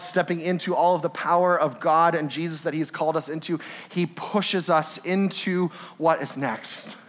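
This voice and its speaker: A young man delivers a sermon in a loose, talkative way, with a voice that sits high for a man. He keeps checking in with the congregation through quick tag questions and acts out short everyday scenes as he goes. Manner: animated and conversational, with laughs and tag questions. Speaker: pastor.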